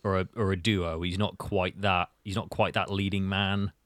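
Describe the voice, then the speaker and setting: Chatty animated male podcast host. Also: low-pitched, normal speed, dry recording, studio quality. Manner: animated, rambling, acts out quotes. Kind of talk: casual film discussion chat.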